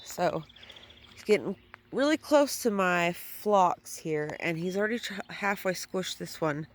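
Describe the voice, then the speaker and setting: Slow, low-voiced woman vlogging outdoors. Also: expressive. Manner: chatty, swears when annoyed. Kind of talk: casual gardening vlog. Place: outdoors in a front yard.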